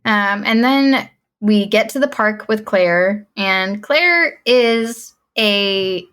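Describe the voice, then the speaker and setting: A woman's voice: medium pitch, drawn-out words, clear, resonant tone. A woman co-hosting a podcast, casually recapping a film and acting out the characters' lines with lots of laughter. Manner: animated storyteller, acts out quoted lines; laughs often. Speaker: podcast co-host.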